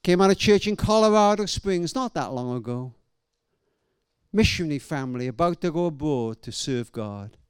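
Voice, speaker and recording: A man's voice: fairly high pitch, animated, normal speed, clear, resonant tone, dry recording, studio quality. A man preaching a sermon, telling a story emphatically and dramatically, often restarting his sentences.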